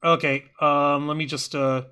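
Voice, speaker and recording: A man from New York co-hosting a casual wrestling review show, blunt and profane, throwing in quick jabs. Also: on the high side, flat delivery, bright, forceful tone, clean tone. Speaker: podcast co-host.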